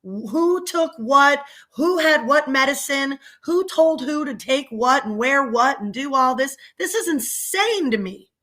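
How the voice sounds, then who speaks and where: Woman, middle-aged, sarcastic and indignant, tense bright tone, somewhat high voice. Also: lively intonation, a little slow, few pauses. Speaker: local commentator and small business owner. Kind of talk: angry political rant vlog.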